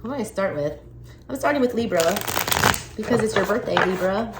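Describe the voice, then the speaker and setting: A woman doing a casual, chatty tarot unboxing and reading, excitable and cursing freely as she goes through the cards. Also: mid-range voice, fairly quick. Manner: chatty, excitable, swears casually, frequent laughs. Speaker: tarot reader. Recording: echoey room with faint background noise.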